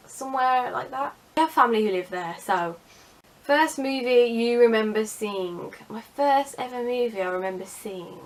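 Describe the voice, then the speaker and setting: A young woman chats casually to camera. She is sarcastic and self-mocking, with a mid-pitched voice. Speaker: vlogger. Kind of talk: casual vlog chat.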